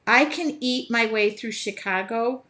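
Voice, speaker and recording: This woman's voice is on the high side, pushed and bright, and she keeps a measured pace. An American from the Midwest, she paints on a casual live stream, chatting, laughing often, reading viewer comments aloud and breaking into song now and then.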